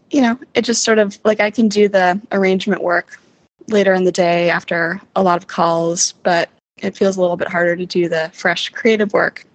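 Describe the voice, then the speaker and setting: A woman speaks in her just-woken morning voice, keeping an even, level tone. Her recording is dry and close, without room sound. She talks hesitantly and reflectively, like a personal spoken diary. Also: fairly low pitch, no room sound, poor audio. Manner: hesitant, reflective, many ums. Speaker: vlogger, musical writer.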